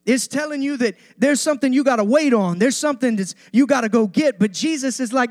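A man with a high, bright-sounding voice preaches to his congregation, hammering his lines through repetition and climbing emphasis. The sound is close and dry, with no room around it. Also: a little fast, hardly any pauses, no room sound. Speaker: pastor. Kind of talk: sermon.

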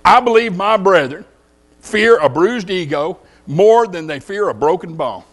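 Texan male preacher, high animated voice, folksy storytelling sermon. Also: measured pace. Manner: folksy storytelling with rhetorical questions.

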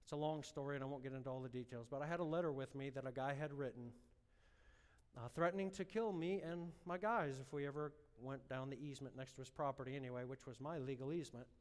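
A man preaching a sermon, telling a personal story with strong emotion and building to fervent, loud exhortation. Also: medium pitch, fast talker, big-room sound. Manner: emotional storytelling, rising to impassioned shouting.

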